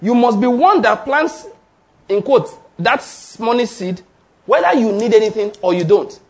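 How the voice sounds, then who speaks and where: In church before his congregation, a male pastor speaks at normal speed in a high, animated, slightly mellow voice. His sermon includes call-and-response questions, emphatic repetition of points, and an occasional laugh.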